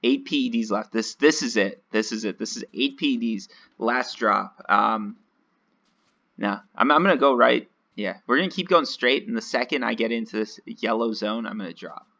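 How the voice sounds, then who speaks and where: A man's voice: mid-range voice, normal speed, creaky, sharp tone, dull audio. A man giving casual, rambling, self-mocking commentary while playing a video game. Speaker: gaming video host.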